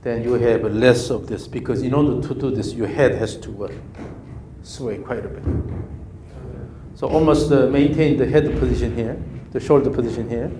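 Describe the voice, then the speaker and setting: A man's voice: medium pitch, moderate pace, dark tone, slight background noise. A man coaching a golf student live with clipped instructions and repeated counting cues, a native Korean speaker. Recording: echoey room with faint ambience.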